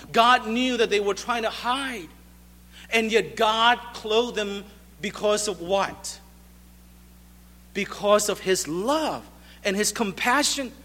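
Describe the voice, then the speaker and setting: A man's voice: high-pitched, pushed and bright, in a large hall. A male pastor preaching a sermon, emphatic and driving home repeated rhetorical questions.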